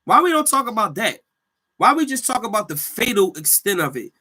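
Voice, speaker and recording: A man hosting a casual solo podcast, telling stories in animated slang and laughing often. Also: high-pitched, brisk, husky. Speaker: podcast host; healthcare worker.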